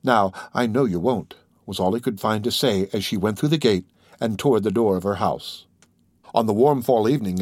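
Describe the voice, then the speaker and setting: A man narrating a classic literary story in a measured, expressive reading. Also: medium pitch, dry recording, clean studio sound. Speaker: audiobook narrator.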